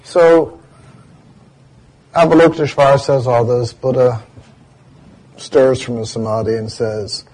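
A man with a husky, slightly breathy voice gives a dharma talk. He teaches meditation through stories and slows down to spell out Sanskrit chant words for his listeners. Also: mid-range voice, fairly even intonation, darkish tone.

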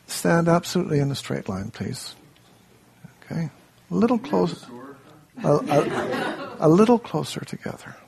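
A man leading a workshop, telling a story in an unhurried way, then giving a group plain instructions in a room. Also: a little high, big pitch swings, creaky, a little mellow. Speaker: workshop leader.

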